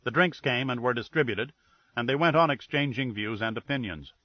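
A man's voice: mid-range voice, a little fast, dry recording. Man narrating a detective audiobook, wry. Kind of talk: first-person detective narration. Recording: dull dry audiobook recording.

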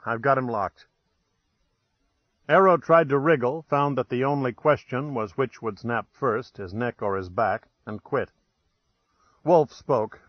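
A man's voice: medium pitch, no room sound. A man narrating an audiobook in the first person, with dry, wry timing and a mid-range voice. The sound is dead and dry with a slightly dull, muffled top end.

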